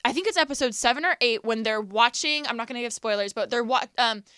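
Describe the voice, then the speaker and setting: Bright high-pitched sassy woman. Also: fast talker, clean tone, no room sound, clean studio sound. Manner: sassy, animated, laughs often. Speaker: podcast guest. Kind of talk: casual storytelling chat.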